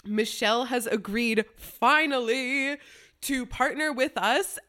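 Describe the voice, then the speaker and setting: A woman's voice: mid-range voice, lively intonation, normal speed, fairly bright tone. A woman hosts a casual podcast. She talks in a bubbly, chatty way and laughs easily. She is recorded over a remote call. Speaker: podcast host. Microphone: remote call mic.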